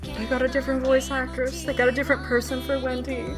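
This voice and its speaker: A woman's voice: high voice, monotone, fast talker. A young adult woman casually commenting on a story game as she streams, reacting dramatically and swearing now and then. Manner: dramatic, swears, loud outbursts and laughs. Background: game music.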